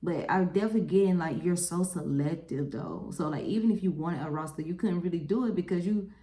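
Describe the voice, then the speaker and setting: A woman's voice: fairly low pitch, a little fast, roomy sound. Chatty woman doing a tarot reading. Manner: chatty, animated, lots of "okay?" and "y'all". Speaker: tarot reader. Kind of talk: casual tarot reading to camera.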